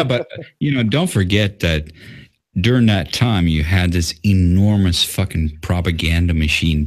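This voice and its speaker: An American man in a casual live-stream chat, laid-back and laughing often, with casual swearing. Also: sits low. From United States.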